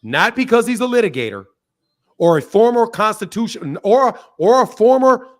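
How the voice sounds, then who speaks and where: A man hosting a heated online debate, his voice pitched high and swinging widely as he hammers the same point again and again. He swears freely and cuts across the other speaker without letting up. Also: sing-song, moderate pace. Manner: combative, repeats himself, swears, talks over the caller. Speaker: boxing channel host.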